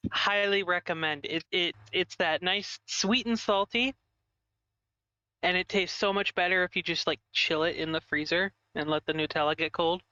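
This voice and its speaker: A man's voice: high voice, bright, forceful tone, clean tone, no echo, lo-fi sound. A man chatting casually on a live stream, rambling and giggling as he snacks. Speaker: streamer co-host.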